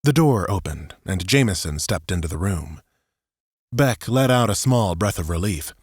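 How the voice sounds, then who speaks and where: A man reading a science fiction audiobook as narrator, in a steady storytelling manner. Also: deep voice, normal speed, husky, no echo, clean studio sound.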